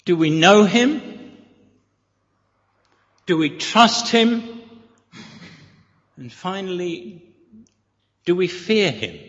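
A man preaching a sermon in a church, speaking earnestly and deliberately, with emphatic repetition. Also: high-pitched, expressive, a bit bright. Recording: reverberant, dull lo-fi church recording.

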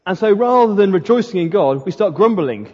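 A man's voice: sits high, lively intonation, a little fast, warm tone. A man preaching a sermon in a conversational way, with slips and restarts. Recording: dull lo-fi sound in a reverberant hall.

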